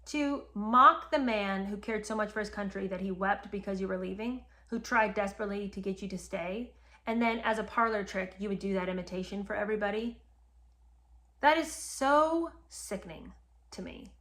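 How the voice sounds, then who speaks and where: A woman's voice: mid-range voice, fairly even intonation, a little fast, sharp tone. A woman hosting a history podcast, retelling events and reacting with indignation while talking straight to her listeners. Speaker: podcast host. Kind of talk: animated history commentary.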